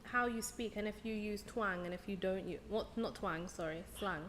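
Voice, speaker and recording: A woman's voice: mid-range voice, moderate pace, fairly bright tone, a little hiss or hum. A woman in a casual interview chat, thinking aloud as she talks, trailing off and correcting herself mid-sentence.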